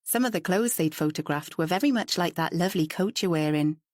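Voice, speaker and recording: A woman's voice: fairly low pitch, brisk, darkish tone, dry recording, clean studio sound, natural voice. A woman voicing a curious, outspoken woman painter who talks in a chatty, forthright way, in a storybook reading.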